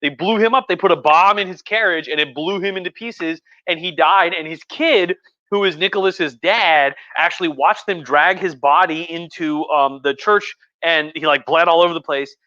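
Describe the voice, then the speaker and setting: A tipsy man with a bright, forceful voice, a touch higher than most, rambles through history in a loose, profane way. The sound is dry and a little dull. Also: moderate pace, dry recording. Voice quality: profane, rambling, lots of fillers. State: tipsy from wine. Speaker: history professor hosting a drunk livestream. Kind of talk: casual rambling history talk.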